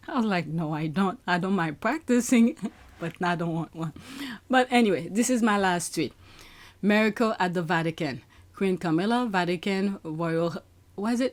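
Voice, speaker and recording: A woman hosting her own channel, chatting casually about social media posts and laughing often as she talks to viewers. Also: fairly low pitch. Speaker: channel host.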